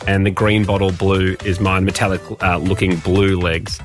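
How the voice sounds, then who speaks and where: A man, co-hosting a radio show and reading listener messages with quick jokes. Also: sits low, flat delivery, music in the background. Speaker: radio host. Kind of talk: casual comedic banter.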